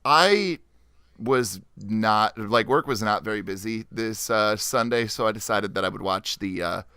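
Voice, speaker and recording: A man's voice: fairly low pitch, a little slow, sharp tone, clear, resonant tone, no room sound, clean studio sound. Laid-back male podcast host. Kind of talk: casual chat.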